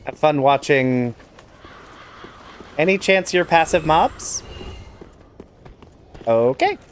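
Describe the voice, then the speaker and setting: A man's voice: on the high side, slow pace, a little hiss or hum. A man giving wry, self-mocking let's play commentary as he plays through a game. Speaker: gamer playing a randomizer.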